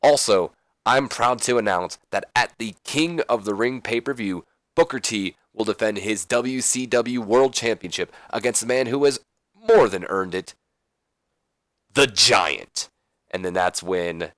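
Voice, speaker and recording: A man's voice: lowish voice, fairly bright tone, no echo, studio quality. A man narrating a let's play in casual game commentary, rambling along with lots of fillers.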